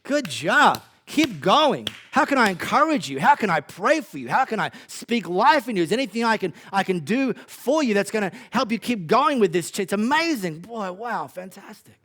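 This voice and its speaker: A man's voice: high voice, very animated, moderate pace, few pauses, fairly bright tone, pitched above the performer's own voice, heavily acted. A man voicing an eager, encouraging male friend who gushes with praise. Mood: gushing.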